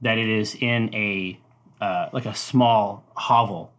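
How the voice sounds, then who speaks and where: A man narrating as game master of a tabletop game, halting and laughing often. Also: lowish voice, fairly even intonation, a bit bright.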